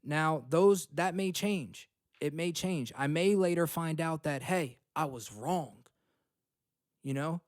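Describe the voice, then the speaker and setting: A man's voice: a little high, slow pace, no room sound, studio quality. A young man hosting a self-help podcast from home, blunt and profane, checking in often with "okay?" and "right?". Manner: blunt, swears freely, repeats points with "okay?" and "right?". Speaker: podcast host. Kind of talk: motivational self-help talk.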